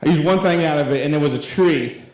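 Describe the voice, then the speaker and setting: A man's voice: fairly high pitch, fast, darkish tone. Rambling young man preaching in an echoey hall. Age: 20s. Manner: rambling and conversational, full of fillers. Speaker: youth pastor. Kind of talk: sermon. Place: church hall. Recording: very echoey church room.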